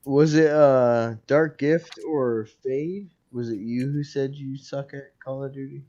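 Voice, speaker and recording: A man's voice: mid-range voice, fairly even intonation, unhurried, mellow. Teasing man on a dull stream feed. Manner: teasing, asks pointed questions. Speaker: stream guest. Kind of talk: casual chat. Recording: slightly dull lo-fi stream audio.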